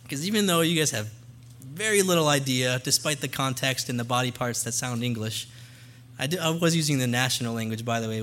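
A man's voice: mid-range voice, sharp tone. A young man speaking as a missionary guest to a church congregation, earnest and conversational, into a microphone. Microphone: handheld or stand mic.

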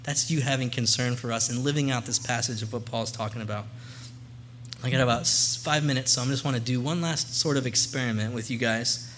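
A man's voice: mid-range voice, fairly quick, fairly bright tone, a little hiss or hum. Earnest man speaking to a congregation. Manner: earnest, conversational, with restarts. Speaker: missionary guest speaker. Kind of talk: church talk to a congregation. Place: church. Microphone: handheld or stand mic.

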